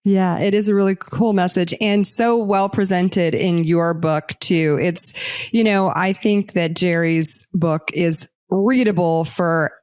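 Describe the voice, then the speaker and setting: A woman's voice: on the low side, steady tone, slow, a little mellow, clean tone, dry recording, studio quality. A woman hosting a book club interview, talking in a chatty way with lots of fillers. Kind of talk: casual interview.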